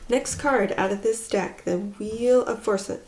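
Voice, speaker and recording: A woman giving a pick-a-card tarot reading, talking in a musing way, with phrases that trail off softly. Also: mid-range voice, unhurried. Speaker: tarot reader.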